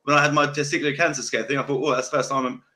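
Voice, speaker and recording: A man's voice: medium pitch, flat delivery, rapid-fire, pushed and bright. A young man with a South London accent hosting a podcast, chatting casually in a rambling, sweary way and repeating himself. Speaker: podcast host. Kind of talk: casual chat.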